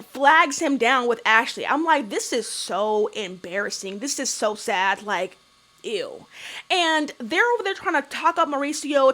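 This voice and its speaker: A woman's voice: sits high, a bit bright. A woman hosting a casual TV recap vlog, blunt, sassy and profane, with mocking put-on voices. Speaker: YouTube recap host.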